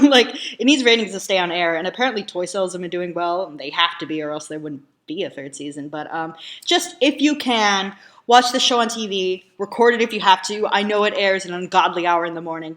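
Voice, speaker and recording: A woman hosting a reaction video in casual chat, rambling with lots of ums and likes. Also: mid-range voice.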